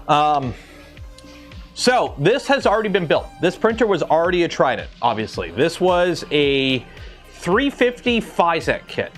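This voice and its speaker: A man streaming live from his workshop, chatting casually and thinking aloud as he builds a 3D printer. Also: fairly high pitch. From Canada.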